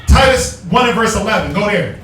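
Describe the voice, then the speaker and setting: A man preaching on the street in a high, forceful voice, almost shouting. He is echoey and far from the mic, with faint noise behind him. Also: animated, a little fast. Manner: loud, forceful, calls for verses and mocks in put-on voices. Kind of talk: street sermon with scripture reading. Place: outdoors on a street.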